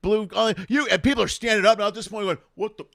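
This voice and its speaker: A man from Chicago rattles through a stand-up story at a quick clip, swearing freely and laughing along. His voice sits a bit high for a man, and the sound is close and dry, with no room around it. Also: creaky, no room sound. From Chicago, USA. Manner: profane, animated, laughing as he tells stories. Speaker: comedian and show host. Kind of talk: casual conversational storytelling. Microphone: video call.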